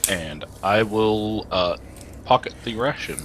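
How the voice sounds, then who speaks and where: A man's voice: on the low side, slow, fairly bright tone, slight background noise, low-quality recording. A man playing a tabletop game, casually describing what his character does. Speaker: player.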